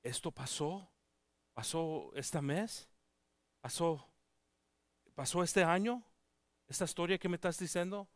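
A man's voice: a little high, moderate pace, pauses often, dry recording, studio quality, pitched above the performer's own voice, natural voice. A man preaching, putting on the voice of an amazed, teary old village teacher who asks rising, incredulous questions. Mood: astonished.

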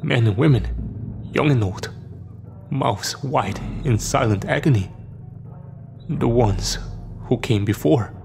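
Creaky-voiced man narrating a horror story. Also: mid-range voice, slow pace, pauses often, darkish tone, slight background noise.

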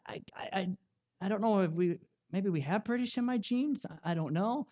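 Animated young male pastor preaching. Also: high voice, moderate pace, highs cut off. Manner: animated, self-mocking storytelling with many restarts. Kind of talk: sermon.

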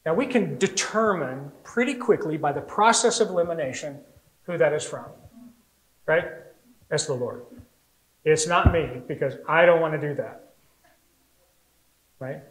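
An American man preaching a sermon as pastor, telling stories in an animated way and acting out little voices. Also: a little high, a little slow, long pauses, poor audio. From United States.

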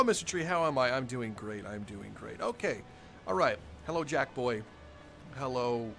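A man's voice: mid-range voice, fairly bright tone. A young man live-streaming a game from home, cheerfully greeting his chat by name and laughing often. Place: home room with dogs nearby.

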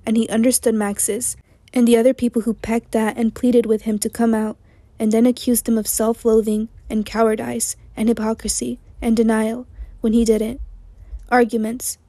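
A hoarse woman narrating an audiobook in a measured, even literary reading. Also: a little high, dry recording.

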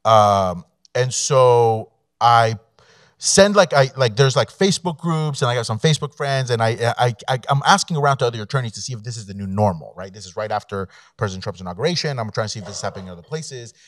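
Fast and expressive, this mid-range male voice belongs to a Mexican immigration attorney speaking as a guest at a law school event room. He shares a personal story casually, using fillers and quoted dialogue, in clean studio sound with no echo.

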